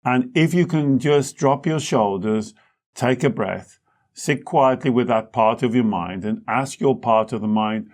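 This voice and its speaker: A man with a mid-range voice talks through his teaching slowly and calmly. He explains things patiently and leans on simple analogies. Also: medium pitch. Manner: calm explaining, uses analogies. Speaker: therapist and host. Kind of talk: teaching talk.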